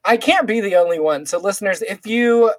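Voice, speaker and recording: A man co-hosting a podcast, chatting casually in an animated, dramatic, giggly way. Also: high-pitched, brisk, dry recording. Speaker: podcast co-host. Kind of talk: casual chat.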